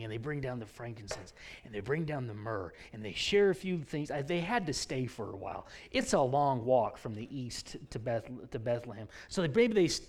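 A man preaching a sermon, telling a story with lively swings between loud emphasis and hushed whispers. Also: medium pitch. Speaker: pastor.

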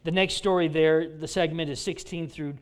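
A man preaching a sermon in a fairly high voice. He retells the story with lively energy, rising loud on key points and dropping to a near whisper on others. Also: moderate pace. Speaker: pastor.

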